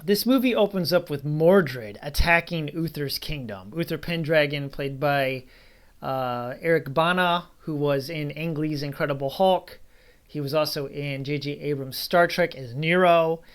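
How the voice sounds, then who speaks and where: A man's voice: fairly high pitch, measured pace. A man giving a casual spoken movie review, rambling and bluntly dismissive, with frequent asides.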